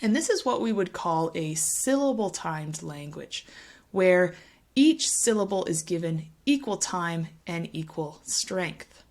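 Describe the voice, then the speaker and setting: A woman teaching English pronunciation to camera, speaking clearly and patiently and tapping out rhythms to demonstrate. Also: lowish voice, lively intonation, takes it slowly. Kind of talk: explaining a language lesson to camera.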